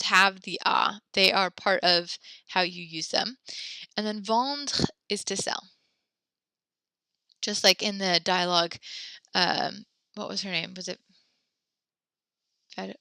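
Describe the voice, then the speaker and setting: A cheerful woman leads a French lesson from home, spelling out verb endings letter by letter. Her voice is bright and crisp, with a dry, close sound and no room around it. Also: mid-range voice, no echo. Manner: upbeat, spells letter by letter, talks to students. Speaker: French teacher. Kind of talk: online class lesson.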